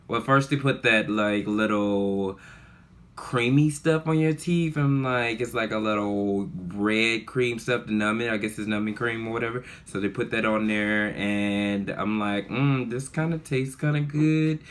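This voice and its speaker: A man telling a story in a casual vlog, chatty and animated, full of fillers. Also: lowish voice. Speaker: vlogger.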